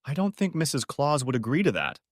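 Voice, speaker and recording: Guy doing a big jolly santa voice, loud and hearty, lots of swing. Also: a little high, big pitch swings, fairly quick, no room sound, studio quality, voice pushed up. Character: jolly booming Santa, playful grown man.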